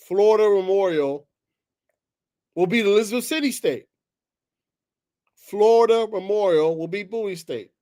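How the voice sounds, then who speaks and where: Man, high-pitched voice, solo sports commentary, heated and exasperated, loud bursts then low muttering. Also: moderate pace, pauses often. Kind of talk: animated solo sports talk.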